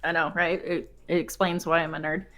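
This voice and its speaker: A woman's voice: sits low, flat delivery, fairly quick, sharp tone. A young woman chatting as a podcast guest, giggly and talkative. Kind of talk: casual chat.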